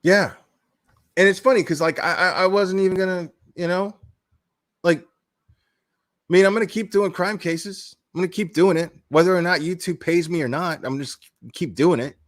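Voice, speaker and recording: Hot-headed male vlogger, casual profane rant, slightly high pitch. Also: fairly even intonation, normal speed. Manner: blunt, heated and profane, with laughing asides. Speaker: crime commentary YouTuber.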